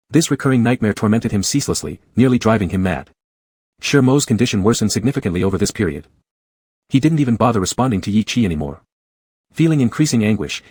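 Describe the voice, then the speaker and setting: A man narrates a romance comic story in a steady, even read. His voice is low and husky. The recording is close and dry. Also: no room sound.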